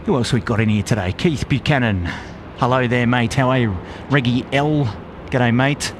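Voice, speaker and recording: Upbeat Aussie bloke hosting a stream. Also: male voice, medium pitch, normal speed, background noise. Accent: Australian. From Australia. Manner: upbeat, friendly, lots of "g'day, mate". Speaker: live stream host. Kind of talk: live stream chat shout-outs. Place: outdoors at an airport plane spotting spot.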